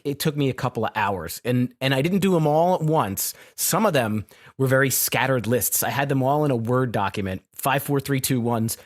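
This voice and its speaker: A man co-hosting a podcast, his voice mid-pitched and ordinary. He rambles a little, restarts his sentences and keeps things friendly. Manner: rambling, self-correcting, good-natured. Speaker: podcast co-host. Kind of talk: casual podcast chat.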